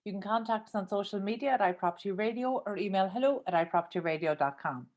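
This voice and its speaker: A woman's voice: mid-range voice, a little mellow. An Irish woman hosting a radio interview, chatty and welcoming. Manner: chatty, welcoming, quick to laugh along. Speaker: radio show host. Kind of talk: podcast interview.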